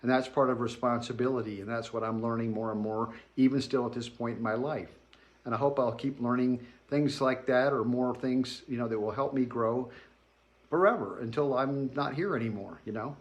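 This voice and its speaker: A man's voice: medium pitch, fairly even intonation, a little fast, highs cut off. A man from Georgia in the US South telling his childhood memories in a plainspoken, reflective way with homey asides. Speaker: memoir storyteller. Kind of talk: spoken personal memoir.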